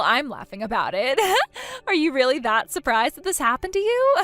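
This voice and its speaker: A woman's voice: sits high, fairly bright tone, exaggerated voice. A woman voicing a spiteful young sister-in-law in a text-message story, taunting and sneering at the bride. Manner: mocking, taunting, later pleading.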